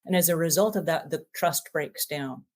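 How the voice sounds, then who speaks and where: A woman's voice: low voice, normal speed. A middle-aged woman hosting a talk to camera about trust, earnest, often acting out short quoted exchanges. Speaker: host.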